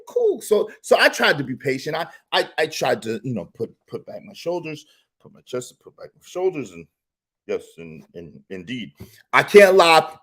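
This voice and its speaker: A man hosting a casual live stream, telling a story in an animated, slangy style with lots of repetition. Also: sits high. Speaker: YouTube live stream host.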